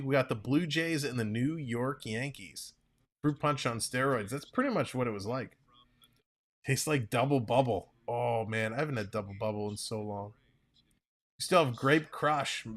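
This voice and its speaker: A man calling a ball game play-by-play on a live stream, chatting and reading viewer comments between pitches. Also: expressive, unhurried, pauses often, a bit bright. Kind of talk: casual play-by-play with chat reading.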